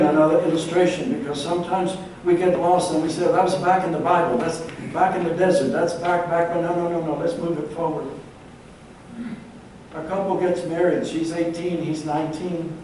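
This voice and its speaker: A man, preaching a sermon as pastor and telling a story in a measured, earnest way. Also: on the high side, mellow, slight background noise. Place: large church hall. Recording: echoey church recorded from far off.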